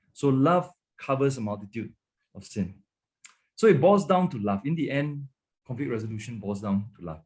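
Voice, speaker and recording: A male pastor with a Malaysian English accent gives a relaxed webinar teaching at a mid-range pitch. He speaks in a chatty, informal way, stumbling over repeated words and checking in with his listeners. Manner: conversational, repeats words, checks in with "okay" and "right". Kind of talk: church teaching on marriage. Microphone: webinar microphone.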